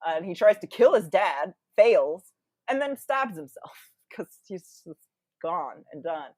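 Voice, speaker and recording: A woman as a podcast guest, telling a story in casual, animated chat full of quoted voices. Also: on the low side, unhurried, no echo.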